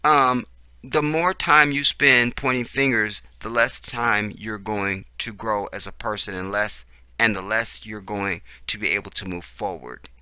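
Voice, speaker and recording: A man reading out news commentary and reacting to it, animated and profane, swinging between low mutters and loud outbursts. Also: a little slow, smooth, no room sound.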